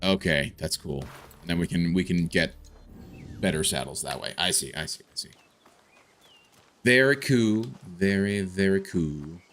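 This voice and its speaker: A man's voice: extremely low pitch, fairly even intonation, moderate pace, a bit bright. A man streaming a video game, chatting casually and thinking aloud with frequent restarts and filler. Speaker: gaming streamer. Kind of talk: casual live gameplay commentary.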